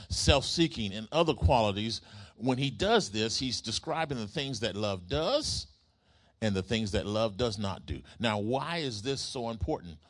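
A man preaching a sermon, using rhythmic repetition and call-and-response with the congregation. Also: mid-range voice. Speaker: pastor.

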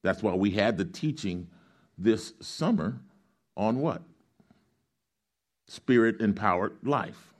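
Low-voiced man preaching a sermon. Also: animated, takes it slowly, pauses often. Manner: teaching tone, asks the congregation questions to fill in; reads scripture aloud, explains Greek grammar. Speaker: pastor. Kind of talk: sermon with call-and-response.

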